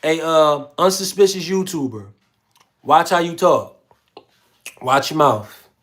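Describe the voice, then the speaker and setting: A man's voice: a little high, lively intonation, slow pace, a bit bright. A man hosting a casual livestream, reading viewer comments aloud in a slangy, laid-back way. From Philadelphia. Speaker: livestream host.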